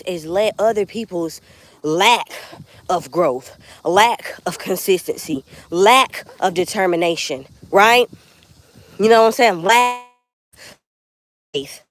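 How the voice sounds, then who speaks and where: A woman walks outdoors through an open country field and talks into her handheld phone. Her voice sits at a middle pitch and sounds dry and close. She speaks earnestly and from the heart, addressing her viewers directly. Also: no room sound. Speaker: vlogger. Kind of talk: casual motivational live vlog. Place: outdoors in a rural backyard field.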